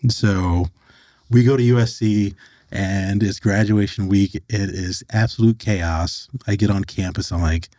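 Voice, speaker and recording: This podcast guest is a middle-aged man from the US with a lowish voice, speaking unhurriedly in a recording without echo. Recounting something that happened to him, he animatedly performs the quoted dialogue of each person involved.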